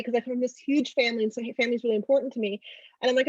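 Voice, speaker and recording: A woman's voice: racing, dry recording, muffled recording. A middle-aged woman from Oklahoma, an author, telling stories in a casual interview and acting out the dialogue. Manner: animated storyteller, acts out dialogue with big pitch jumps. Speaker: author guest.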